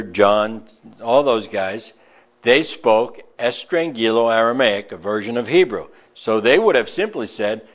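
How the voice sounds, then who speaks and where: A man delivers a Bible teaching, his pitch rising and falling with strong emphasis as he reads verses and comments on them. The recording sounds a little dull and lo-fi. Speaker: preacher.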